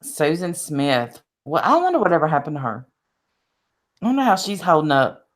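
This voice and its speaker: A woman panelist in a casual chat over a video call, emphatic and quick to jump in. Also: deep voice, very animated. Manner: emphatic, talks over others with restarts.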